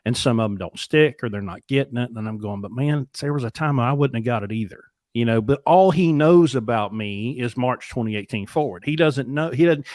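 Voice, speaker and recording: A man's voice: mid-range voice, a little mellow, dry recording, studio quality. A man in his forties telling stories in a candid, self-deprecating and reflective way, now and then swearing, as a podcast co-host. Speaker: podcast co-host, trucking company. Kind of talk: casual conversational storytelling.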